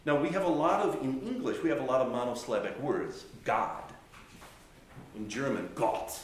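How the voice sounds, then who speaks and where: A man teaching a class on chant, explaining step by step with frequent restarts and sung or spoken examples. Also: medium pitch. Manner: explanatory, halting with restarts, demonstrates phrases by singing and speaking. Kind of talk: classroom lecture. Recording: very echoey room with faint noise.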